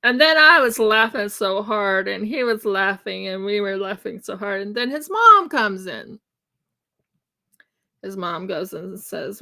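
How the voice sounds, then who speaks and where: A woman's voice: medium pitch, a little slow, vocal fry. An American woman chatting casually during a craft livestream, telling a funny story and acting out its dialogue. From United States. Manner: chatty, animated, acts out dialogue in her story. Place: home craft room.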